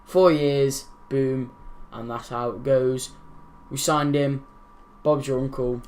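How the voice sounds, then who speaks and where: A man's voice: mid-range voice, steady tone, slow, a little mellow, a little hiss or hum. A young man hosting his gaming channel, casually commenting over football game footage, rambling and correcting his own slips.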